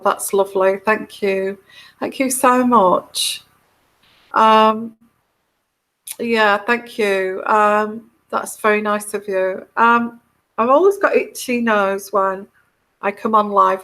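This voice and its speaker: English woman, mixed north-south accent, very slow and soothing, rambling live-stream host. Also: mid-range voice, steady tone, a bit bright. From England. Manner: slow, meandering, halting with many restarts. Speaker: tarot reader hosting a livestream. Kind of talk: casual live chat reading comments.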